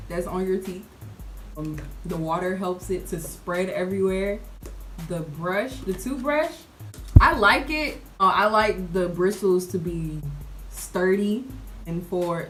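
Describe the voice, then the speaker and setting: A young woman talks to her viewers in a relaxed, unhurried way. She sounds chatty and playful and speaks at a middle pitch. Faint music plays behind her. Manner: chatty, playful, laughs often, addresses viewers as y'all. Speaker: vlogger reviewing a product. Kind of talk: casual chat to camera.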